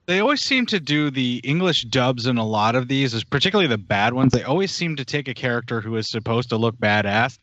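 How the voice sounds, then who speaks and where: A man's voice: medium pitch, lively intonation, fairly quick, few pauses, a bit bright, dry recording. A man on a podcast making dry wisecracks and old-film references in casual chat. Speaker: podcast co-host. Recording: dry, slightly dull sound.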